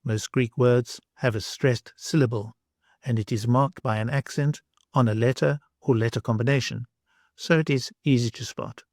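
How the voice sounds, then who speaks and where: A man teaching pronunciation, saying each example word slowly and then repeating it, exaggerating the sounds for clarity. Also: medium pitch, fairly even intonation, a little mellow, dry recording, clean studio sound. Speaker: language teacher. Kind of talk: slow, deliberate pronunciation lesson.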